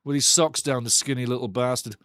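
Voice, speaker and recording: Excitable, sweary football watch-along host. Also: male voice, mid-range voice, fairly quick, no echo, studio quality. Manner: excitable, swears freely, banters with chat. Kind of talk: live passionate football commentary.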